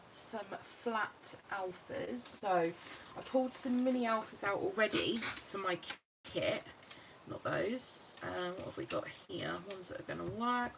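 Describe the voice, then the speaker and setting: A British woman walks through her scrapbook project in a relaxed, chatty way, thinking aloud as she goes. Her voice sits at a middling pitch. A clear layer of background noise runs under the recording. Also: low-quality recording. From United Kingdom. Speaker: craft vlogger. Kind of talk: casual crafting walkthrough.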